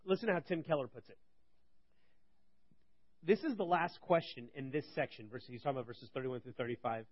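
A young man teaching on a Bible passage in a conversational way, asking rhetorical questions and swinging between loud and quiet. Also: mid-range voice, a little fast, long pauses, breathy edge, dry recording, highs cut off. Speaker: preacher.

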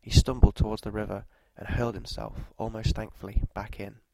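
A man narrating a scripted story in a measured, even delivery, with walking directions at the end. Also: on the low side, creaky, no room sound, low-quality recording.

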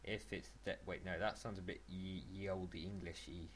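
A man co-hosts a casual podcast, rambling along and frequently restarting his sentences. His low voice barely moves in pitch and keeps a moderate pace, with a slight hiss or hum in the background.

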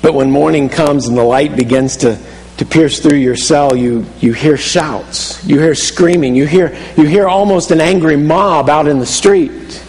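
A man's voice: a little high, measured pace, darkish tone, big-room sound, low-quality recording. A man preaching a sermon, telling a story vividly in the second person and often restarting his phrases. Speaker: pastor.

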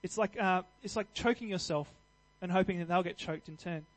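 Male preacher, high voice, earnest and conversational, emphatic at peaks. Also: fairly quick, low-quality recording. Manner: earnest, conversational, with restarts and fillers; builds to louder emphatic passages. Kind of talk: sermon.

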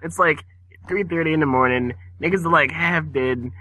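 Bright, animated man on a podcast. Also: fairly high pitch, moderate pace, rough recording. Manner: animated, acts out quoted voices. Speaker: podcast co-host. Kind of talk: late-night casual chat.

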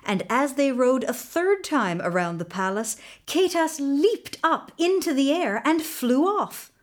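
A woman telling a folktale aloud with expressive, deliberate narration. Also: sits high. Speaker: storyteller. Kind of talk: folktale storytelling.

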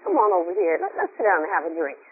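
A man's voice: high voice, big pitch swings, very fast, pitched below the performer's own voice. A man doing a sly, coaxing tempter. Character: smooth-talking male tempter, coaxing and sly. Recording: tinny phone line, faint hiss.

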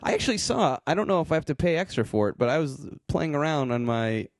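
A man's voice: a little high, big pitch swings, fast talker, no room sound, clean studio sound. Rambling jokey man in casual chat. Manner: rambling, jokey, lots of fillers. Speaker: podcast co-host.

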